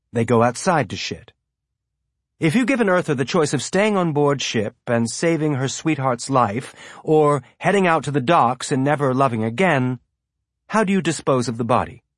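A man reads an audiobook in a steady, even storytelling style. His voice sits in the mid range, and the scripted narration is recorded with studio quality and no echo.

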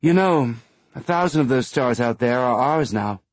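A man voicing a wry, steady woman crewing a ship in an audiobook, with a dry, teasing manner. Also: mid-range voice, moderate pace, no room sound, natural voice.

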